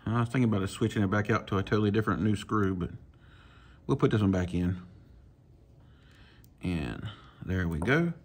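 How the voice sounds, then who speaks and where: A man, casually talking viewers through swapping a reel handle, folksy and relaxed as he works. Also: fairly low pitch, fairly quick, long pauses, slightly rough. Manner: relaxed, talks to himself while working, folksy. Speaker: fishing channel host. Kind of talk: casual hands-on tutorial.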